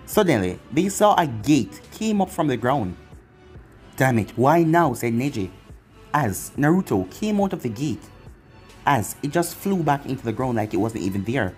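A narrator reading fan fiction aloud in a plain, steady manner. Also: mid-range voice, moderate pace. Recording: faint background music.

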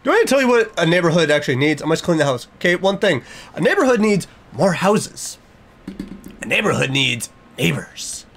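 A young man talks his way through a horror game. His commentary is jokey and nervous. His voice sits on the high side for a man and swings widely in pitch. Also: sing-song, a little fast, creaky, a bit bright, a little hiss or hum. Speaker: gaming YouTuber.

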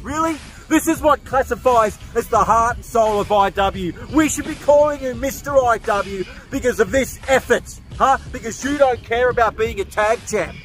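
A man giving a profane, berating wrestling promo as a wrestler, shouting at times. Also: very high-pitched.

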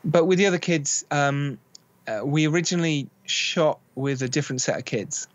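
A man's voice: a little high, moderate pace, no room sound, dull audio. A man, a film director guest on a podcast, telling stories and acting out quoted dialogue. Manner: animated storyteller acting out quotes. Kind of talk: podcast interview.

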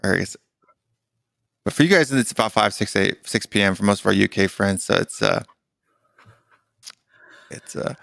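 A man's voice: on the low side, normal speed, vocal fry, pauses often, fairly bright tone, dry recording, clean studio sound. A young adult man co-hosting a podcast in casual chat, talking in an exasperated, rambling way with lots of fillers. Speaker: podcast co-host.

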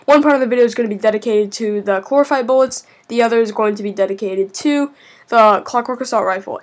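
Chatty woman rambling through a game review. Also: a little high. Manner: rambling, chatty, frequent hesitations. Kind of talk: casual gameplay commentary.

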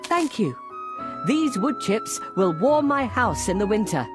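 A woman's voice: a little high, big pitch swings, measured pace, music in the background. A woman voicing a wise, hardworking male ant in a cartoon, stern and earnest. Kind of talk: cartoon voice acting.

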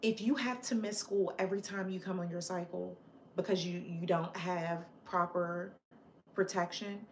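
A woman's voice: fairly low pitch, steady tone, moderate pace, reverberant, slight background noise. A woman hosting a casual live chat with her viewers, passionate and opinionated, chatty with frequent fillers and restarts. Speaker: livestream host chatting with viewers.

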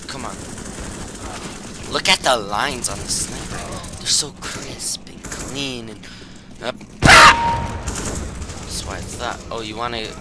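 A man's voice: medium pitch, slow, long pauses. A young man giving casual, jokey commentary while playing a shooter at home, yelping and laughing as he plays. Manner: excitable, jokey, frequent yelps and laughs. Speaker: gaming YouTuber. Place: indoors at his computer, home. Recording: game gunfire noise behind voice.

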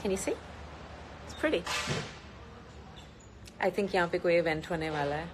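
A woman's voice: fairly low pitch, very fast, noisy background. A woman chatting casually on a live stream, reading out viewer comments and mixing English with Hindi, with frequent ums. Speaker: singer hosting a live stream. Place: outdoors in sunny Goa.

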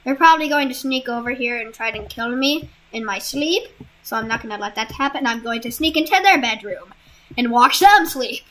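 A young woman casually commenting on a game she is playing, laughing and reacting out loud. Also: fairly high pitch, lively intonation, a little fast. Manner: giggly, exclamatory, reacting out loud. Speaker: gamer.

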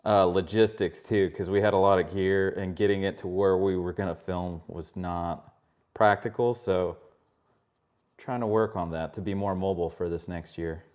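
A man's voice: low-pitched, fairly even intonation, normal speed, a little mellow. A man co-hosting a live craft stream, easygoing, relaying viewer comments. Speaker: co-host reading chat. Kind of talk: casual live-stream chat.

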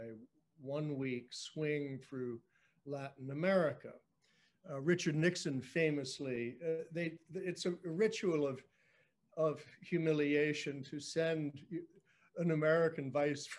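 A man in his sixties, a guest telling a story with dry, self-mocking humor, halting often with fillers and restarts. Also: fairly high pitch. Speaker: guest storyteller, former speechwriter. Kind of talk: anecdotal storytelling on a virtual book event.

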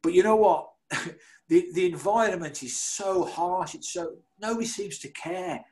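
Animated man telling stories. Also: sits high, moderate pace. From Birmingham, England. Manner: animated, self-deprecating, laughs through his stories. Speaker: guest, former footballer. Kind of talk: anecdotal storytelling.

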